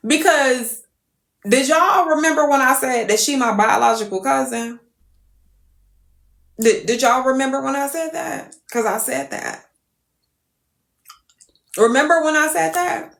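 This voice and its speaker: A woman telling a story to viewers on a live stream, animated and profane. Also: high voice, unhurried, pauses often, echoey room.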